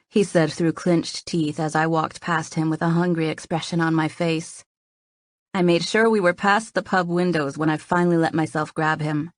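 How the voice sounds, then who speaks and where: A woman's voice: on the low side, steady tone, moderate pace, no room sound. A woman narrating a first-person romance audiobook in an earnest storytelling manner, close to the mic.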